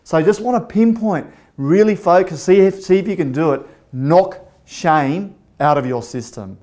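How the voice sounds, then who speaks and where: A man giving a motivational talk, telling a story with lively acted-out dialogue. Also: sits high, normal speed. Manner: animated, acts out dialogue in the story. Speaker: motivational speaker.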